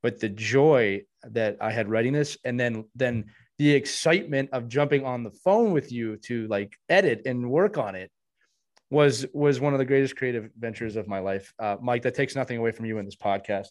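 Man, podcast host, casual chat, warm, rambling, repeats himself. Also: mid-range voice, normal speed. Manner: warm, rambling, many restarts.

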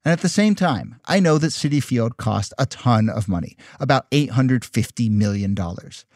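A man's voice: mid-range voice, animated, normal speed, a little mellow, no room sound, clean studio sound. Wry man hosting a podcast. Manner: wry, conversational, skeptical. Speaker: podcast host. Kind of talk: scripted podcast narration. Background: faint music.

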